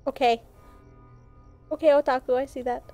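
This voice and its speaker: A woman's voice: sits high, steady tone, moderate pace, mellow, soft background music. A young woman streaming a horror game, scared and swearing as she talks to her chat. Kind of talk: live gameplay commentary.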